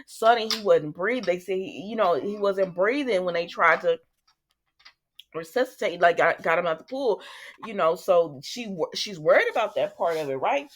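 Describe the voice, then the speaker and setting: A woman's voice: fairly low pitch, expressive, moderate pace. A woman hosting a casual soap opera recap, chatty and sassy, talking back to the characters.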